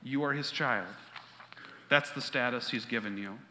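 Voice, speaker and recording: A man preaching a sermon as pastor, emphatic, repeating key lines, with quick asides. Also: mid-range voice, pushed and bright. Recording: long reverb of a large hall.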